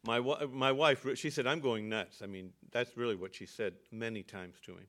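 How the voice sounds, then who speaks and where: An older man, a pastor, telling a personal story in an earnest sermon with halting restarts. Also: mid-range voice, lively intonation, a bit bright.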